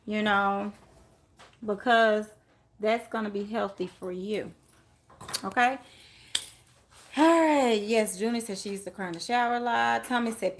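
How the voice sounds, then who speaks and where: A chatty woman runs a live tarot reading and talks to her viewers by name. Her voice sits a little high, and she laughs easily as she rambles between cards. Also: unhurried, pauses often, a little hiss or hum. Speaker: tarot reader.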